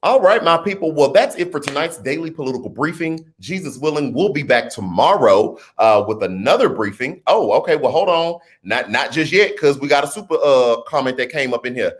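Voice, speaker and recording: A man hosting a casual livestream, reading viewer comments and joking with loud laughter. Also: medium pitch, animated, brisk, hardly any pauses. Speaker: host of a political livestream.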